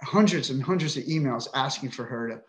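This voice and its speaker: A man's voice: medium pitch, fairly quick, echoey room. A middle-aged man telling his own story on a podcast, emotional, frustrated and indignant, with frequent swearing. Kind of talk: emotional personal account.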